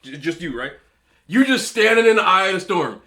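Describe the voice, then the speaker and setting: A man hosts a mukbang, ranting casually with strong opinions while he eats, mouth full as he talks. He sounds high-pitched, animated, bright, and forceful, speaking a little fast.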